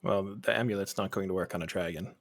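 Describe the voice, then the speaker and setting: A man playing a tabletop game, talking things through in a deliberate, thoughtful way. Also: sits low, steady tone. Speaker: player.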